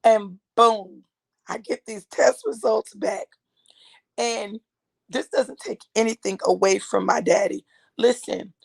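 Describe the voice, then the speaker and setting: A woman's voice: medium pitch, gravelly, a little mellow, no room sound. A woman in her fifties, an author and speaker, telling a personal story to her viewers in an emphatic, chatty way and calling them y'all. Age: 50s.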